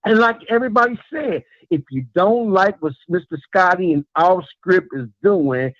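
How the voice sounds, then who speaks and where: With a high-pitched, animated and somewhat bright voice at a normal pace, a man calls in to a live show and earnestly rambles in praise of the host, saying things more than once. The call comes through a muffled phone line without echo.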